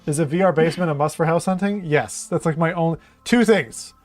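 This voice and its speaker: A man's voice: fairly high pitch, brisk, soft background music. A man co-hosting a live stream in casual chat, joking and swearing when tech breaks. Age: adult parent.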